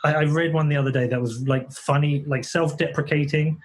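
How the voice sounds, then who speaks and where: A man's voice: on the high side, steady tone, fairly quick. An English man, a podcast guest, talking bluntly in casual chat, swearing and restarting his sentences often. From England.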